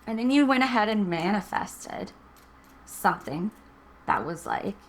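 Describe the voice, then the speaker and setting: A woman's voice: medium pitch, expressive, measured pace, slight background noise. Chatty woman reading tarot cards. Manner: chatty, encouraging, thinks aloud. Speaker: tarot reader. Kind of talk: casual tarot reading to camera.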